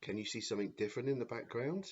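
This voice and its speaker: A man's voice: medium pitch, animated, racing, slightly rough, lo-fi sound. A man hosting a children's story time, chatting in a friendly way before reading aloud.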